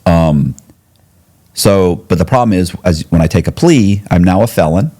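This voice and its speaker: A man, a podcast guest, telling his story in conversation, quick restarts and quoted dialogue. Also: deep voice, lively intonation, mellow.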